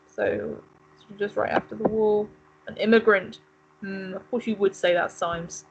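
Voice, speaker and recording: A woman's voice: medium pitch, fairly even intonation, a little slow, vocal fry, dull audio, noisy background. Chatty woman playing a video game. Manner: chatty, muses aloud while reading game text. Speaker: let's play co-host. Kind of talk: casual gaming commentary.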